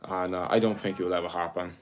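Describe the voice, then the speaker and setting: A young man from Wales with a South Welsh accent, chatting casually on a livestream and reading viewer comments aloud in a relaxed, rambling way. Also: sits low, quick pace. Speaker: livestream host.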